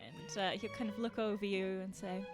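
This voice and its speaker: A woman's voice: mid-range voice, fairly even intonation, a little fast, over music. A woman with a cheerful, giggly manner, acting as dungeon master for a tabletop game.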